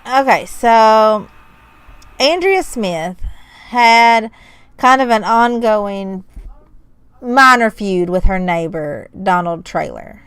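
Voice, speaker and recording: A woman co-hosting a casual podcast, with a wry, joking, self-deprecating way of retelling odd crime stories. Her voice sits at a middling pitch for a woman. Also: lively intonation, slow pace, long pauses, fairly bright tone, clear, resonant tone, no room sound, low-quality recording. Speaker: podcast co-host. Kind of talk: casual chat.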